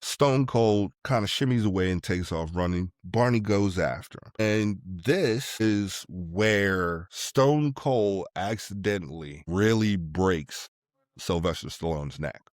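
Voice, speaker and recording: A man's voice: sits low, slow, no room sound, studio quality. A man casually recapping an action movie as podcast co-host, playful and jokey.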